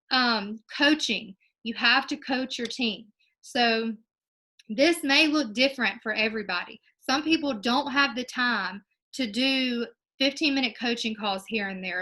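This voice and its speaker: Woman, young adult, sales team leader, casual coaching talk, encouraging, crisp bright tone. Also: a little high, low-quality recording. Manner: upbeat and encouraging, with many ums.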